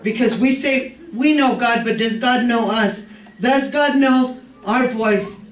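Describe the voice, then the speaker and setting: A man with a very high voice preaching a fervent sermon, repeating phrases and building to shouted calls. He is heard from a distance in an echoey church hall. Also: slow pace. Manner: impassioned, repetitive preaching with rising shouts. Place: church sanctuary.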